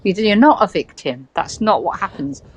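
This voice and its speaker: A woman's voice: mid-range voice, animated, brisk, breathy edge, rough recording. A British woman with a West Country accent, speaking earnestly as a guest in a casual conversation. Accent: West Country English. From Britain. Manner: earnest, acts out quoted voices.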